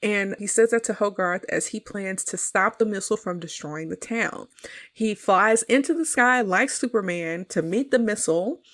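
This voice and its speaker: A woman co-hosting a podcast, retelling a film in casual chat and laughing often. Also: mid-range voice. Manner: animated retelling, quick laughs. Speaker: podcast co-host. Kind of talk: casual movie review chat.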